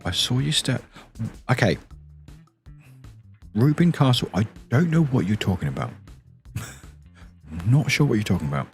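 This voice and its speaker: A man chatting softly on a stream in his deep morning voice, rambling and chuckling often. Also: very animated, a little slow, pauses often, faint music behind. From England. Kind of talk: soft-spoken casual stream chat.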